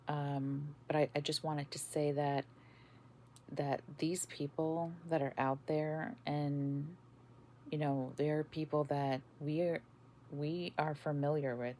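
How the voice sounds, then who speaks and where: A woman podcast host telling about a dream in a casual, halting way, with many fillers and restarts. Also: deep voice, mellow, slight background noise. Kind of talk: casual spoken testimony.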